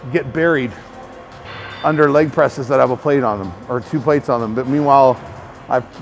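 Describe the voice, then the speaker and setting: A man working as a personal trainer, rambling through casual coaching talk to the camera, swearing and filling gaps with "like". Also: mid-range voice. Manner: rambling, profane, filler-heavy.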